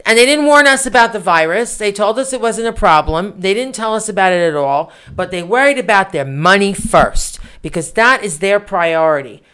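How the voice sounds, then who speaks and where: Indignant woman with a smooth voice. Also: medium pitch, lively intonation, moderate pace, hardly any pauses, fairly bright tone. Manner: indignant, emphatic, rhetorical. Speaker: podcast co-host. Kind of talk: political commentary podcast.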